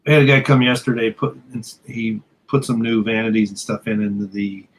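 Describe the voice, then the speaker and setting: Brief: male guest, a bit under the weather, low-key, laptop mic with faint hiss and echo. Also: steady tone, moderate pace. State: feeling unwell. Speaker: podcast guest. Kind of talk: casual chat. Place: echoey room in a half-packed house. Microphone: laptop microphone.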